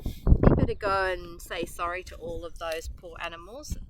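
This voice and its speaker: A woman's voice: on the low side, fairly even intonation, normal speed. A woman with an Australian accent reading a children's picture book aloud outdoors, with chatty asides to young listeners. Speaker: storyteller. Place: outdoors on a windy hillside. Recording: loud wind noise outdoors.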